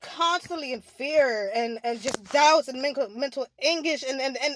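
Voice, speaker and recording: Speaking at a moderate pace with few pauses, a young adult spiritual vlogger with a high-pitched, slightly bright voice opens up in an emotional, candid monologue. Her talk rambles, full of restarts and constant "like" fillers, and there's no echo.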